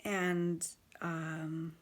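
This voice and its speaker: A woman casually recounting life with a partner's drinking, halting and swearing bluntly, with many restarts. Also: sits low, flat delivery. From Canada. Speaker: partner of a recovering alcoholic. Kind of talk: casual personal storytelling.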